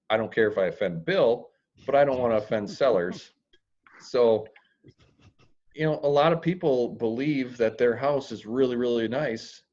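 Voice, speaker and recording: A man with a low voice speaks plainly and bluntly as an interview guest. His humor is dry, and now and then he drops a crude word. The audio is dull and lo-fi. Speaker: real estate investor guest. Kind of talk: podcast interview.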